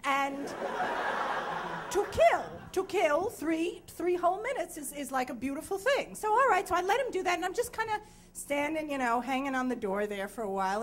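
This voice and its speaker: On stage before a live audience, a woman in her thirties with a high voice tells a frank, self-deprecating comic story while sounding sleep-deprived.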